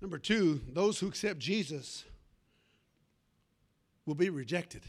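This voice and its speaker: A man's voice: high-pitched, moderate pace, long pauses, darkish tone. A man preaching a sermon, calling out for amens and telling a folksy personal story with fervor.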